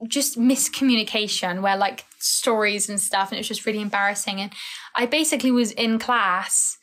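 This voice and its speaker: A woman's voice: mid-range voice, normal speed, fairly bright tone, a little hiss or hum. A young woman chatting casually and rambling on a live stream, tired and full of "like" fillers. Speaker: livestreamer.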